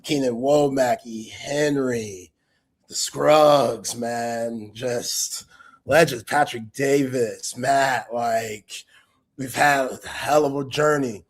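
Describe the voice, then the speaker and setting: A man's voice: mid-range voice, fairly even intonation, takes it slowly, husky. A man hosting a sports talk livestream, speaking in a heartfelt, loose and rambling way full of street slang. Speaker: sports talk show host. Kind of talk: casual livestream chat.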